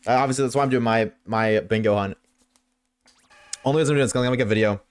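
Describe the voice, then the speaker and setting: A young man streaming live, reading chat and reacting in a casual, slangy, excitable way, swearing freely. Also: mid-range voice, racing, clear, resonant tone, soft background music.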